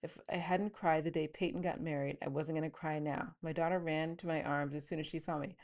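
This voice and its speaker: A woman's voice: deep voice, fairly even intonation, brisk, few pauses, darkish tone. A woman reading her novel aloud and stopping now and then to explain scenes in a chatty, offhand way. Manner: reads the scene plainly, then breaks into chatty asides. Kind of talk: book reading with commentary.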